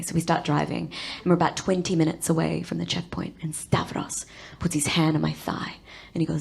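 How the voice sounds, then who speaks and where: A woman's voice: low voice, little pitch movement, fast, vocal fry. An Australian woman in her thirties doing stand-up, telling a bawdy story in a brash, conversational way with constant tag questions. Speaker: stand-up comedian. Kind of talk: stand-up comedy. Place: comedy stage before an audience.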